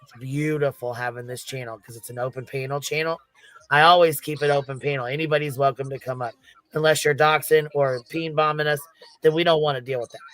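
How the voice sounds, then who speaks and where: A man's voice: a little high, fairly even intonation, fairly quick, fairly bright tone, no room sound. A man hosting an open panel livestream, talking casually and emphatically with plenty of swearing. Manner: profane, emphatic, says "listen" and "you know what I'm saying".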